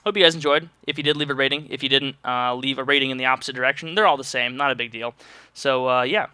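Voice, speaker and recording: A man's voice: medium pitch, quick pace, pushed and bright, clean tone, no room sound. A young man vlogging to his viewers, answering their questions in a loose, joking ramble with sarcastic asides. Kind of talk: casual rambling monologue.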